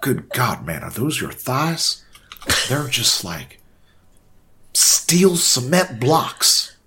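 A man's voice: medium pitch, big pitch swings, takes it slowly, pushed and bright, husky, full character voice. A man voicing an eager, apologetic grown man who stammers sheepishly.

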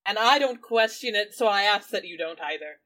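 Bright, lively woman playing a tabletop game. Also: medium pitch, fairly quick. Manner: giggly, playful, slips into silly voices. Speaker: player. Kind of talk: tabletop role-play, narrating her character.

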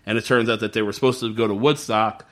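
A man's voice: on the low side, steady tone, quick pace, fairly bright tone. A man co-hosting a podcast, chatting casually about a TV show in a rambling, profane way, with many "like"s. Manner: rambling, profane, heavy use of "like". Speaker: podcast co-host. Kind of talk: casual chat reviewing a TV show.

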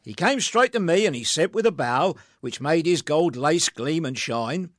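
A man's voice: a little high, lively intonation, normal speed, no echo, clean studio sound, natural voice. A man reciting a comic verse monologue as a grumbling street watchman, in a rhythmic, rueful manner. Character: grumbling working-class street watchman telling his tale.

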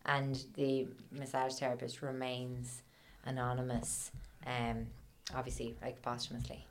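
A woman's voice: a bass voice, completely flat delivery, measured pace. A woman co-hosting a podcast in casual chat, swearing freely and trailing off into fillers. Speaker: podcast co-host.

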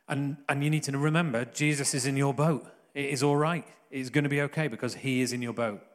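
A man preaching in an earnest, conversational way, with jokey asides. His voice sits at an ordinary middle pitch. It rings with the long reverb of a church hall. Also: steady tone, a little fast. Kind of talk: sermon.

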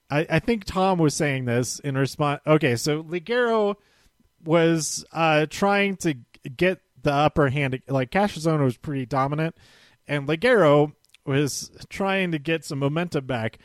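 A man recaps casually in a slightly higher-than-usual voice, circling back and fixing his own words with a chuckle here and there. The sound is dry and close. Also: a little slow, no echo. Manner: rambling, self-correcting, chuckling. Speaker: show recap host.

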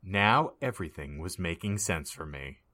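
A man's voice: low-pitched, expressive, normal speed, bright, forceful tone. A man hosting a comedy podcast, narrating a dramatic reading in a wry, mock-earnest manner.

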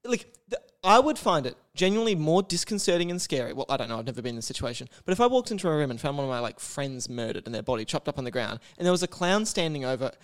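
A man's voice: a little high, sing-song, fast talker, hardly any pauses. A man co-hosting a podcast in casual, joking chat, swearing freely, laughing often and slipping into silly put-on voices. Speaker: podcast co-host.

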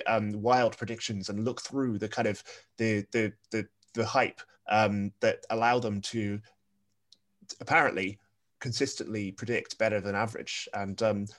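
A British man with a soft voice, speaking as a guest on a podcast panel and thinking aloud with many pauses and restarts. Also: lowish voice. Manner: thoughtful, many ums and restarts. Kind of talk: casual panel discussion.

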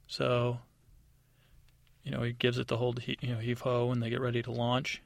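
A man improvising a rambling bedtime story, talking offhand with lots of fillers and jumping into high, excited voices for the characters. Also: moderate pace, vocal fry, no room sound. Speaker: podcast storyteller.

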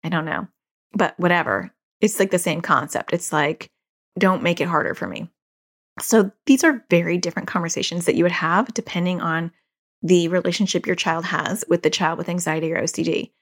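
A woman's voice: fairly low pitch, brisk. A woman in her forties hosting a podcast, giving casual parenting advice and repeating key phrases for emphasis. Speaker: podcast host and parenting coach.

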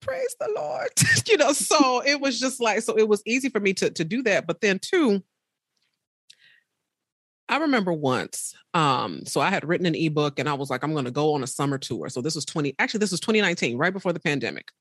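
A woman's voice: brisk, no room sound, clean studio sound. A woman in her thirties, a podcaster and speaker, telling personal stories in a casual interview, acting out quotes and calling the listener baby. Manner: animated storyteller acting out quotes with big pitch jumps; faith-filled, calls listener baby.

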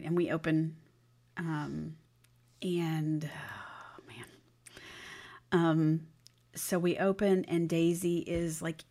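A woman's voice: on the low side, vocal fry, warm tone. A woman podcast host casually retelling a TV episode scene by scene, with frequent fillers and the odd drop into a whisper. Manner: storytelling recap with many fillers, drops into a whisper at times.

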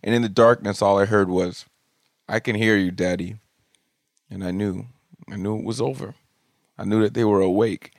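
Low-voiced man telling comic family stories. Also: a little fast, vocal fry, dry recording, clean studio sound. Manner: animated, jokey, swears casually. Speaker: podcast host. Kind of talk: comedic storytelling monologue. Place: home studio room.

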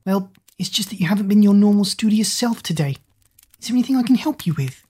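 A woman voicing a timid, mousy schoolteacher with a squeaky voice. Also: animated, quick pace, dark tone, slightly rough. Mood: concerned.

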